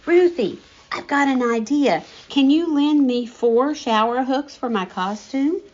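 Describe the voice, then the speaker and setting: A woman voicing an excited, eager young boy in a read-aloud story, high and bubbly. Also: slow. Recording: dull lo-fi audio.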